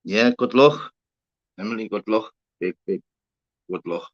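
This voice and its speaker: Livestream host, Scouse man, very low pitch, chatty and sweary, dull lo-fi audio. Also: measured pace. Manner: chatty, swears casually, calls viewers mate and fella. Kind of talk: casual livestream chat with viewers. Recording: slightly dull lo-fi sound.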